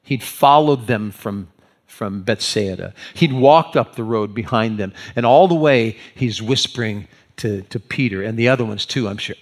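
A pastor preaching an animated sermon, acting out the scenes as he tells them. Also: fairly low pitch, moderate pace.

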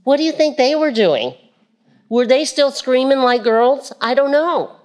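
A woman's voice: high voice, lively intonation, unhurried, darkish tone. A woman preaching a sermon, reading scripture aloud and repeating key phrases with rhetorical questions to the listeners.

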